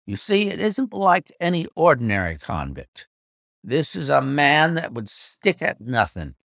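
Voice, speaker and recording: A man's voice: fairly high pitch, big pitch swings, unhurried, creaky, a bit bright, no room sound, clean studio sound, voice pushed up, heavily acted. A man voicing a hard-faced, gnarled little coachman who speaks bluntly and earnestly. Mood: grave warning.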